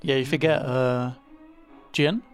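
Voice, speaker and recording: A man co-hosting a casual podcast, relaxed and reacting with short remarks. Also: medium pitch, takes it slowly, clear, resonant tone, soft background music. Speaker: podcast co-host. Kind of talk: casual chat watching a show.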